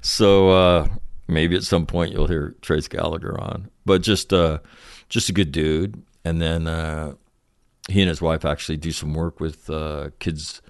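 Guy in his 60s, deep voice, chatty podcast host telling a story, swears a lot, plays both sides of the talk. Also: no room sound, studio quality. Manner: loose, profane, acts out both sides of a conversation. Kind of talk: casual storytelling.

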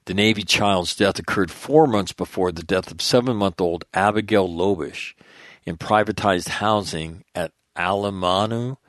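In clean studio sound with no echo, a male radio host reads news stories and riffs on them with profane, blunt asides, often restarting and repeating himself. His voice is low yet fairly bright in tone.

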